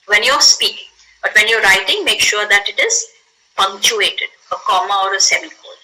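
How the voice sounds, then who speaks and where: A woman's voice: medium pitch, normal speed, pushed and bright, slight background noise, low-quality recording. A woman teaching an English grammar lesson in a classroom, explaining patiently, acting out example exclamations and checking in with "okay?".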